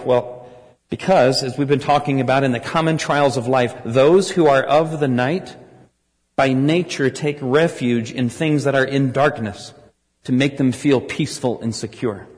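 American guy preaching, earnest, gets forceful, mid voice, big echoey hall. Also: mid-range voice. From United States. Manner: earnest, rising to forceful emphasis. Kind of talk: sermon.

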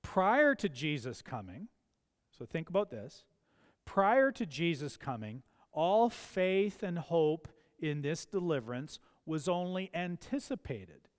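A man preaching a sermon, emphatic and building to forceful peaks. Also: fairly high pitch, sing-song, takes it slowly. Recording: long church hall reverb.

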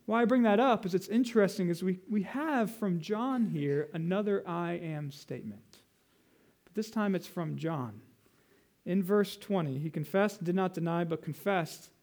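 A man pastor preaching a Sunday sermon, teaching from scripture and slowing down to stress key phrases. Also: sits high, darkish tone. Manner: emphatic, teaching, slows down to stress scripture quotes.

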